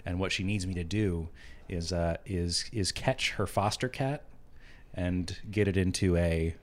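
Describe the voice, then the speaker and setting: A man in casual chat, talking in a halting, hesitant way with many restarts. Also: deep voice.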